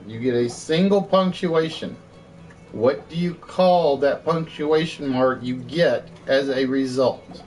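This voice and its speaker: A man's voice: medium pitch, slow, darkish tone, faint music behind. A man hosting a live online game show, chatty, repeating and rephrasing his quiz questions, with an occasional cough.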